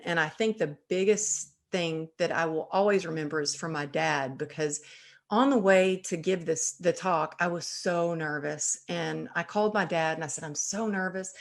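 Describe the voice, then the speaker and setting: A woman hosting an interview show, telling her own stories in casual, animated chat. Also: fairly low pitch. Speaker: podcast host.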